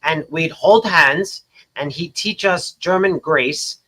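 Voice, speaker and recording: An American man telling stories in a loose podcast conversation, breaking into excited exclamations. His voice sits high and rings bright and sharp. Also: takes it slowly. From United States. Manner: animated, exclaiming and storytelling. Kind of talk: casual podcast chat.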